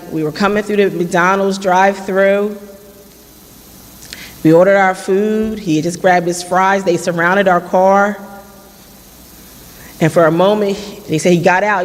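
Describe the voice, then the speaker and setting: Late 30s, forum speaker, earnest storytelling, mid pitch, long reverb in a church hall. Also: level tone, moderate pace. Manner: earnest storytelling with reenacted dialogue. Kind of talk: personal testimony.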